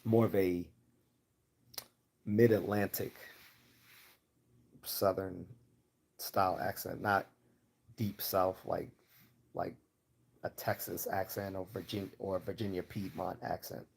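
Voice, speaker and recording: A man's voice: low-pitched, flat delivery, slow pace, vocal fry, long pauses, slightly rough. A man with a Baltimore accent hosting a livestream Q&A, answering viewer questions in a rambling, casual way with many fillers and restarts. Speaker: livestream host.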